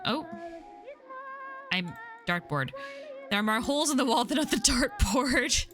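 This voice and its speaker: A woman's voice: a little high, lively intonation, unhurried, long pauses, fairly bright tone, faint music behind. A woman streaming a video game, chatting and joking with frequent swearing. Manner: chatty, joking, curse-laden. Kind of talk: casual let's-play commentary.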